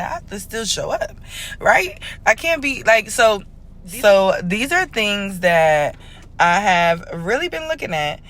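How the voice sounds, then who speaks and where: In a fairly low yet fairly bright voice, a woman speaks casually as an astrologer and spiritual reader. Her talk is candid, emotional, and loosely rambling, a confessional astrology chat in which she addresses her viewers directly and checks in with them often.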